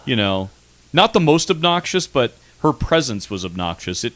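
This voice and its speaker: A man's voice: medium pitch, big pitch swings, normal speed, fairly bright tone. A man hosting a radio comedy show, chatting in a crude, mocking, rambling way with lots of restarts. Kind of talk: casual comedic chat. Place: radio studio.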